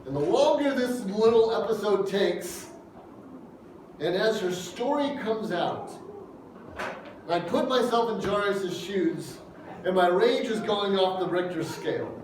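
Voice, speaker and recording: A man's voice: high voice, expressive, unhurried, distant mic, noisy background. Conversational man preaching in an echoey hall. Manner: conversational, emphatic, asks the congregation questions. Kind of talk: sermon. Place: church hall.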